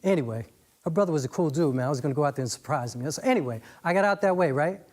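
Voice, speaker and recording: A man's voice: a little high, expressive, rapid-fire, a little mellow, pitched below the performer's own voice. A man doing a laid-back rambling vet. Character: young army veteran, wry, rambling storyteller. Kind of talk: spoken-word monologue.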